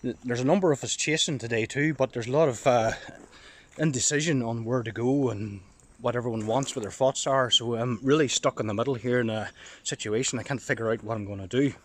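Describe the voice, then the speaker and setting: A man with a Northern Irish accent, vlogging outdoors while walking a dog in the countryside, thinking aloud in an excited, rambling way and slightly out of breath. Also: medium pitch, fairly quick, slight background noise. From Northern Ireland. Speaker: storm chaser vlogger. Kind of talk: casual vlog monologue.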